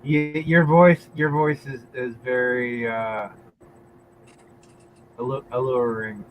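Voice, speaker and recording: A man in a casual group voice chat, teasing the others in halting speech with many restarts. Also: medium pitch, fairly even intonation. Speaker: chat room regular. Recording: muffled lo-fi audio with faint hiss.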